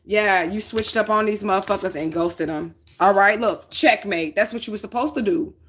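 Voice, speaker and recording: A woman from the northern United States gives a casual tarot reading at normal speed, her medium-pitched voice fairly bright against slight background noise. She talks bluntly, swears plenty, and keeps checking in with "okay?"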